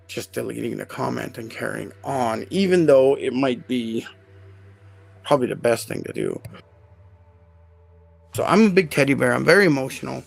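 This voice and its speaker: A man hosting a live podcast, telling a personal story in an emotional, animated way with many fillers. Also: mid-range voice, vocal fry. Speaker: podcast host.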